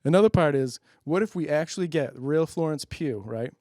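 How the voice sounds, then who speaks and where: The host of a public-access comedy show, a man, gives a self-mocking, rambling monologue full of fillers, laughing at his own jokes and checking whether they land. His fairly high voice is expressive and dark-toned at a moderate pace, in a studio-quality recording with no room sound.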